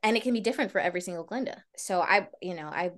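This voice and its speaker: A woman talks as a podcast guest in an easy, conversational way. Her voice is mid-pitched, and she moves from animated, laughing stretches to quieter, reflective thoughts. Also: rapid-fire. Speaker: guest, Broadway actress. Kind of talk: casual interview chat.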